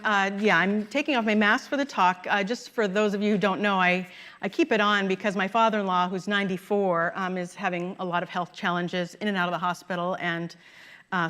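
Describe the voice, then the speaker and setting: A woman's voice: medium pitch, steady tone, brisk, fairly bright tone. Woman minister preaching, conversational. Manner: conversational, laughs at her own stories. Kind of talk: sermon. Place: church sanctuary.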